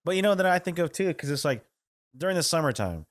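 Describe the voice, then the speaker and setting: A man co-hosting a casual podcast, telling crude stories and laughing often. His voice sits a little high and swings widely in pitch as he talks. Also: very animated, fast talker. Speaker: podcast co-host. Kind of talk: casual chat.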